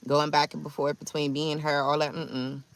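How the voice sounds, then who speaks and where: A woman's voice: sits low, level tone, moderate pace. A woman in her thirties telling a chatty, slangy story to her livestream chat. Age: 30s.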